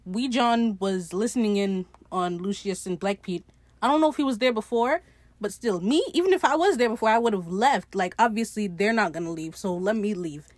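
A woman's voice: mid-range voice, moderate pace, no echo. A young woman casually recapping a TV episode on her podcast, chatty and sarcastic, swearing freely and laughing at her own jokes.

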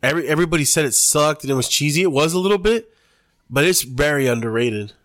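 A man's voice: a little high, quick pace, fairly bright tone, no echo, clean studio sound. A man co-hosting a podcast in laid-back, slangy casual chat, swearing freely. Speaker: podcast co-host.

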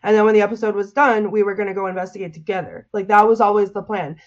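Talking fast in a steady, mid-range voice, a woman describes a frightening brush with the paranormal during an interview. The sound is lo-fi. Her emotional account wanders, packed with "like" and restarts.

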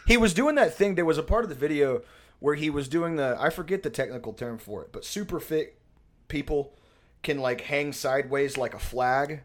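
A man chats on a podcast in a rambling, animated way, swearing freely. His voice sits on the high side for a man. He piles one tangent onto the next as he tells a story. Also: moderate pace. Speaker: podcast co-host. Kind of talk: casual comedic chat.

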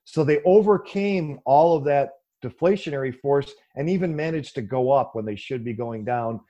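A man with a mellow, darker tone, speaking at a middling pitch. He answers an interview question at length in a relaxed conversational way, with many ums and restarts, and turns animated when he mocks opposing views. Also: moderate pace, dull audio. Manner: animated, mocking quoted voices with a raised pitch, many fillers. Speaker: guest explaining economics.

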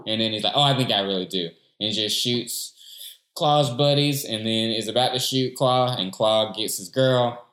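Animated man recapping a movie, echoey room. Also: mid-range voice, moderate pace. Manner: animated retelling, acts out character lines. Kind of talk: casual movie recap chat.

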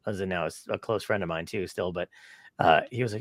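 A man's voice: deep voice, fast talker, no echo, clean studio sound. A man, a stand-up comedian, telling profane stories in casual chat and acting out the people in them. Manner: profane, animated, acts out quoted dialogue.

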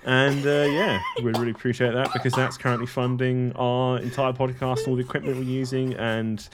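A man's voice: medium pitch, little pitch movement, brisk. A man co-hosting a comedy podcast, joking around and doing a mock sponsor read. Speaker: podcast co-host. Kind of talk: casual comedic podcast banter. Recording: noisy background hiss.

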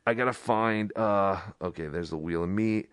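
A man's voice: fairly low pitch, moderate pace, clear, resonant tone, dry recording, studio quality. A man hosting a live podcast, giving casual, wry commentary over a clip he plays. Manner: chatty, wry, lots of "like". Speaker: podcast host.

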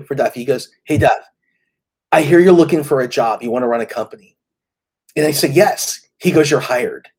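A middle-aged man telling his career story in a motivational speech, animated and often stumbling over repeated words. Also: sits high, slightly rough. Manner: animated, acts out quoted voices, repeats words when emotional.

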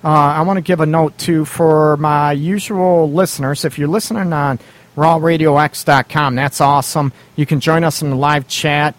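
A man's voice: a little high, steady tone, normal speed. Brief: male radio advice host, blunt and casual, laughs a lot, acts out quotes. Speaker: radio show host giving relationship advice.

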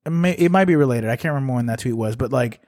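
A man's voice: mid-range voice, animated, racing, darkish tone, dry recording, clean studio sound. A man co-hosting a podcast, chatting casually about basketball in a rambling, laid-back way, laughing often. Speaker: podcast co-host. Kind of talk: casual sports talk.

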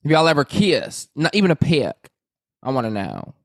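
A man's voice: fairly high pitch, wildly swooping pitch, moderate pace, gravelly, no room sound, clean studio sound, pitched above the performer's own voice, heavily acted. A man voicing a gossipy Southern belle woman with a Southern US accent, grilling a friend in a nosy, teasing drawl. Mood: prying.

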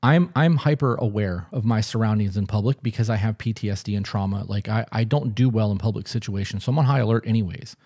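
Man, podcast co-host, lowish voice, warm mellow tone, blunt and profane, emphatic. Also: fast talker, few pauses, breathy edge. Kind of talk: casual podcast conversation.

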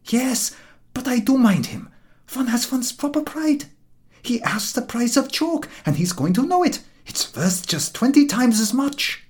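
A man's voice: very high voice, big pitch swings, unhurried, pitched above the performer's own voice, exaggerated voice. A man voicing a proud, quarrelsome German cart dog in an audiobook, talking in a cocky, scolding way. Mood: indignant. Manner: cocky, scolding, self-satisfied. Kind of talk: audiobook character voice.

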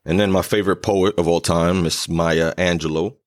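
A man co-hosting a podcast in casual chat, laid-back, reading quotes slowly and deliberately. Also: low-pitched, steady tone. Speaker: podcast co-host.

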